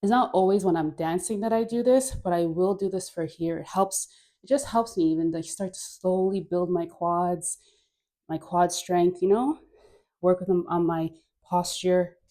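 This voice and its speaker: A woman guiding a dance class, coaxing and playful, with breathy sighs and frequent laughs between cues. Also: lowish voice, normal speed, warm tone. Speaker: dance instructor.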